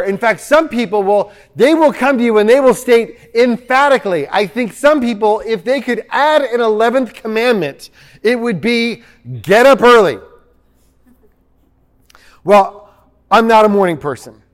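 A man preaching a sermon as pastor, chatty and joking, reading passages aloud. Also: high voice. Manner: conversational and joking, reads quotes aloud. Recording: long hall reverb.

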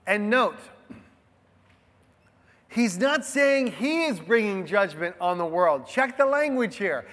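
A man's voice: high voice, very animated, slow pace, fairly bright tone, big-room sound. A man preaching a sermon in a casual, conversational way, with frequent rhetorical asides to the congregation. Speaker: pastor.

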